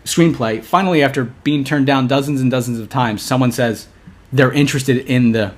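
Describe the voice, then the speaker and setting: Man, young adult, podcast co-host, casual storytelling, animated, many restarts. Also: medium pitch, normal speed. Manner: animated, with many restarts, acting out quoted lines.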